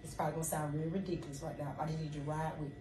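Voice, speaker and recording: A woman's voice: low-pitched, rapid-fire, recorded from a distance. A woman tells a story on a faith talk show, acting out the dialogue. She sits well back from the mic, and the room adds a strong echo. Faint noise runs underneath. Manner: animated storyteller, acts out dialogue with sudden loud laughs. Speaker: podcast co-host.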